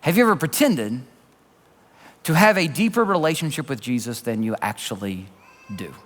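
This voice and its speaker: A male pastor preaching a sermon in an animated, conversational storytelling manner. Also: medium pitch, normal speed. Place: church sanctuary. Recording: reverberant church hall.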